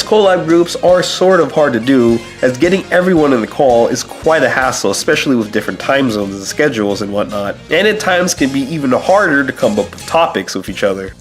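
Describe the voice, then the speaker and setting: A man hosting his own channel, reading a scripted update in a steady, earnest way while sounding sick. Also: mid-range voice. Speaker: channel host. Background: faint background music.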